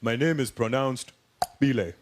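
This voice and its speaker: A man voicing a formal casino dealer, calm and correcting. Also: medium pitch, normal speed, heavy background noise, voice pushed down, close to an everyday voice. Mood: stern. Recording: live stand-up, loud crowd.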